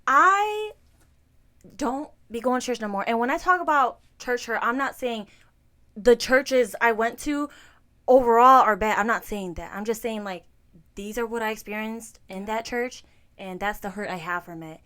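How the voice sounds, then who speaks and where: A woman co-hosting a casual podcast, speaking candidly and expressively. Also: on the high side. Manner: expressive, quick affirmations, candid. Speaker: podcast co-host.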